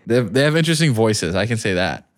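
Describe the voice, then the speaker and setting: A man's voice: fairly low pitch, fast. A man co-hosting a casual podcast, telling stories and acting out what other people said. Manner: animated, plays out other people's lines in quotes. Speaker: podcast co-host. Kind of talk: casual chat.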